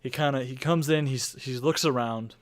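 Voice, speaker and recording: A man's voice: medium pitch, normal speed. A man narrating a tabletop game as game master, in loose, rambling speech.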